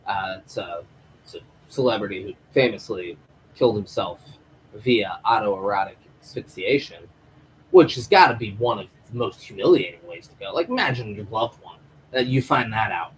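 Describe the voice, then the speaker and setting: A man's voice: fairly low pitch, moderate pace, slight background noise, low-quality recording. A man recapping a TV episode live, rambling and swearing freely as he retells the plot. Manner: rambling, profane, animated. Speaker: TV show reviewer.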